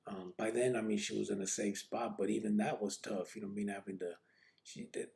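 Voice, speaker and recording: A man's voice: on the low side, level tone, fairly quick, vocal fry, darkish tone. A man hosting a podcast, telling personal stories in a rambling, laid-back way, full of street slang, profanity and constant fillers. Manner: constant fillers like "you know what I mean". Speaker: podcast host. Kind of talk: casual personal storytelling.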